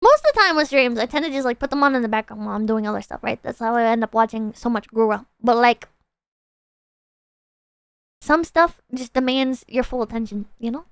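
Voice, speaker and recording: A woman livestreaming in casual chat, rambling excitably, swearing freely and reading out viewer donations. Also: on the high side, fairly quick, clean tone, no echo.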